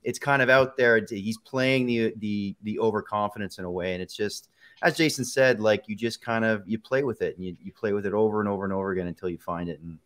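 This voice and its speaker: A man with a slightly low voice answers in a jokey, rambling way on a video call. He stumbles over words and laughs at himself as he goes. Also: quick pace, fairly bright tone. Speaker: voice actor guest. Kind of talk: casual interview answer.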